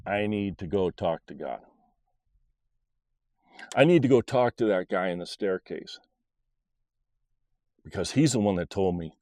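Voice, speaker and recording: In a low, warm voice, a middle-aged podcast storyteller shares a personal faith story. He's earnest and conversational, and his telling rambles.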